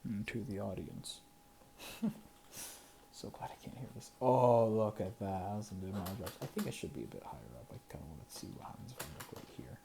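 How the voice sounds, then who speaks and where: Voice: low voice, very animated, fast talker, creaky, hardly any pauses, a little mellow, slight background noise. A creator talking casually to themselves over gameplay, counting under their breath, chuckling and dropping into whispers now and then. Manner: muttering and counting to self, chuckling, sometimes whispering.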